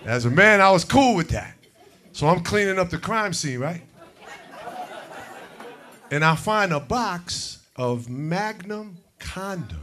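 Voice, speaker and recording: A man's voice: high-pitched, takes it slowly, pauses often, a faint crowd. A man hosting a comedy show, doing brash stand-up and talking to the audience from a stage mic. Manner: brash, animated, talks to the audience. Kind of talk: stand-up comedy and crowd work.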